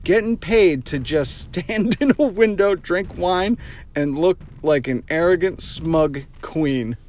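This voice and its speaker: A man hosting a solo podcast, ranting in an animated, joking way. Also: high-pitched, slow, slight background noise. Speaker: podcast host. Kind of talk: casual solo podcast rant. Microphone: podcast microphone.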